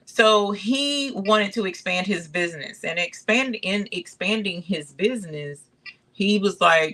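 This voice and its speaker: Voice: mid-range voice, expressive, a little slow, bright, forceful tone. An embroidery channel host chatting casually on a livestream, calling viewers y'all and reading out chat comments.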